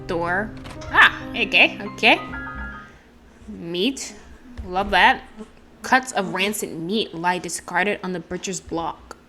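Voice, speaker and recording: A woman's voice: on the low side, slow, long pauses, sharp tone. A woman streaming a game, reading its text aloud and chatting with self-deprecating asides. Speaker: gameplay streamer. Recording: game music playing behind.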